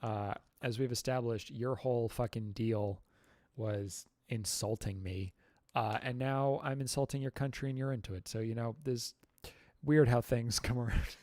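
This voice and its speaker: A man hosting a casual livestream Q&A, rambling and halting through lots of fillers and self-mocking jokes. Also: mid-range voice, fairly even intonation, darkish tone, dry recording. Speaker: livestream host.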